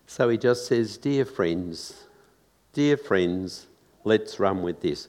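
A man's voice: on the low side, animated, takes it slowly, darkish tone, in a large hall. A man preaching a sermon in a church, earnest and conversational, full of rhetorical questions.

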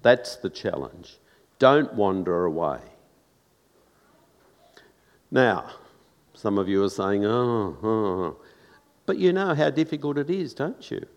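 Male preacher, slow deliberate delivery, earnest conversational sermon, reverberant church hall. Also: fairly low pitch, big pitch swings.

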